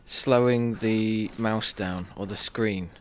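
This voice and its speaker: A man in casual chat with a dry, grumbling manner. His voice sits low for a man, with a faint hum of ambience behind it. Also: steady tone, slow pace. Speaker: co-host and education worker.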